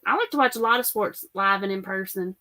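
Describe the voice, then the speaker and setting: A woman's voice: medium pitch, fast, sharp tone. A middle-aged woman, chatting casually as a livestream host and reading out comments. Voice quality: chatty, rambling.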